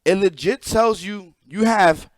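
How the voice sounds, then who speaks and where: A high-pitched man on a live stream, ranting loosely and cursing freely as he explains things to his chat. His voice sits close and dry on the mic, with no room sound around it. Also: unhurried, no echo. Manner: profane, animated, talks to chat. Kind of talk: casual live-stream rant.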